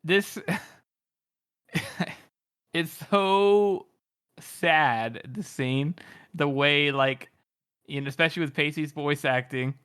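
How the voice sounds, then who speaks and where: Bright-voiced young man, rambling chat. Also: on the high side, very slow, pauses often, clean tone, no echo, clean studio sound. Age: 20s. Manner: enthusiastic, rambling with fillers like "like" and "you know". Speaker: podcast co-host. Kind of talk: casual chat.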